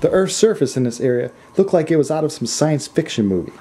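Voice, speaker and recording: A man's voice: a little high, lively intonation, quick pace, dark tone, a little hiss or hum. Wry American man narrating a travel vlog. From United States. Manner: wry, self-mocking humor. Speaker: travel vlogger.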